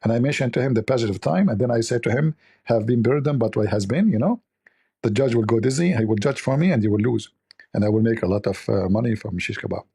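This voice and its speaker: Gravelly, mocking livestream host man. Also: mid-range voice, quick pace, mellow. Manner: mocking, sarcastic, rambling. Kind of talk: casual livestream commentary.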